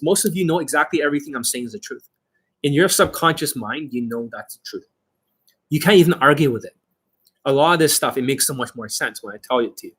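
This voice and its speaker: Cocky dating coach guy ranting to camera, lots of swearing, kinda raspy and high-ish. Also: a bit bright. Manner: boastful, swears a lot. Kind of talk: profane talk to camera.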